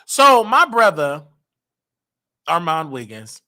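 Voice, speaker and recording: A male show host rants on a livestream, boastful and repetitive. His voice sits high and swings widely, bright and forceful. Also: big pitch swings, slow pace. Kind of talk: casual livestream rant.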